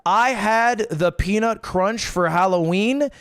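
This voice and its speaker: A man giving casual, joking streaming commentary while ranking products, animated and often profane. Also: high voice, measured pace, clear, resonant tone, dry recording, clean studio sound.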